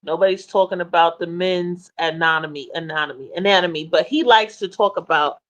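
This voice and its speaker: A woman's voice: fairly low pitch, a little fast, a bit bright, muffled recording. A woman co-hosting a casual online chat, teasing and giggly.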